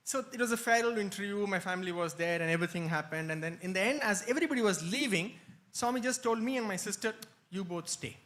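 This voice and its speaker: Animated, high-voiced male storyteller. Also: fast. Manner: animated storytelling, frequent laughs. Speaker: retreat speaker. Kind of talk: anecdotal talk. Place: hall, live-streamed.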